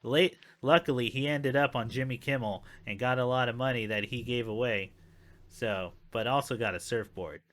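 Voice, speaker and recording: A man chats on a podcast, telling a wild tale in a loose, laughing way with some swearing. His voice has a bright, forward edge. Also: medium pitch, moderate pace. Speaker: podcast co-host. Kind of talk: casual chat.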